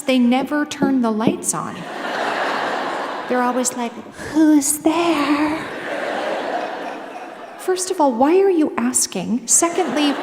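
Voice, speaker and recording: A woman with a Minnesota accent telling comic stories to an audience in a lively, animated way, often laughing through her lines. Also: fairly high pitch. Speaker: author speaking at a library event. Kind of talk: humorous live storytelling talk. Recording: reverberant hall with clear background noise.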